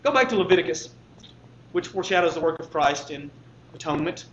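A man's voice: on the high side, lively intonation, fairly quick, muffled recording, slight background noise. A man preaching a sermon, building with repetition into fervent, impassioned appeals.

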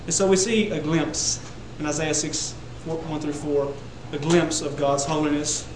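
A man delivers a sermon to his congregation, his voice sitting a little high. He builds to loud, emphatic peaks on repeated phrases. The sound is roomy, with a faint hum of ambience behind him. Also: steady tone, measured pace. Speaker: preacher. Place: church sanctuary.

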